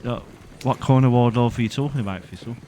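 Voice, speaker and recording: A man's voice: medium pitch, fast talker, warm tone, slight background noise. A man streaming a roleplay game live, swearing freely and laughing often between lines.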